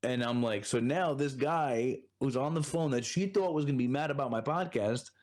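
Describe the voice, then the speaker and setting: A man's voice: medium pitch, moderate pace, darkish tone. A man from Brooklyn with a New York accent, a podcast guest in his thirties telling a story in casual conversation and acting out other people's lines. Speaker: podcast guest, Marine Corps reservist.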